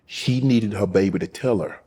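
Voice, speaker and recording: A man hosts a casual interview. His voice sits low and husky. He tells personal stories slowly, going soft at the tender parts. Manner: slow, heartfelt storytelling, dropping soft at emotional points. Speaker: host.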